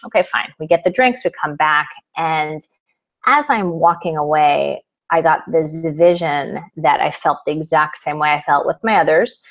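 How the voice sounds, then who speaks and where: A woman's voice: low voice, moderate pace, lo-fi sound. A middle-aged woman, an author guest in a live video interview, telling a personal story with lots of quoted dialogue.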